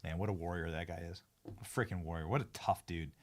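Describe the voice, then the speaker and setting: A man hosting a live-streamed talk show from a studio, speaking in excitable casual chat and often repeating and restarting his phrases as he hypes guests. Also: deep voice, quick pace, slight background noise. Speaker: political talk show host.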